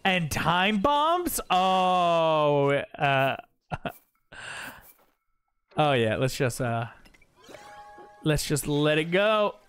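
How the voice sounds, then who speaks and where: A man's voice: a little high, big pitch swings, very slow, long pauses, a bit bright, clean tone, faint music behind. A man streaming a video game live, goofing around and talking to himself and his chat. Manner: goofy, talks to himself and chat. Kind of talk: live gameplay commentary.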